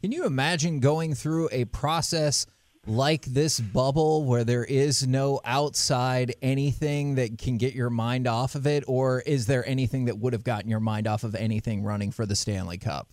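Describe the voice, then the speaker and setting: A man's voice: mid-range voice, steady tone, moderate pace, darkish tone, no room sound. Joking male sports radio co-host.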